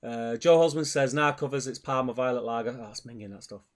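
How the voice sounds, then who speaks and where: A man hosts a casual hobby stream, reading viewers' messages aloud. His voice sits at a middle pitch, and his delivery is relaxed and chatty, full of jokes. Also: quick pace. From England. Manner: banter, reads out chat messages. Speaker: stream host reading chat. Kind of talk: casual chat.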